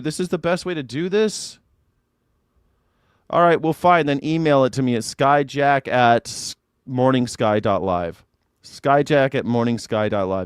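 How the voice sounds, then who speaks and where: Guy hosting a stream, super animated pitch, chatting and swearing, dry close mic. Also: smooth, no echo. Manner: chatty, cursing, talking to chat. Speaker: livestream host. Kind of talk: casual livestream reaction chat.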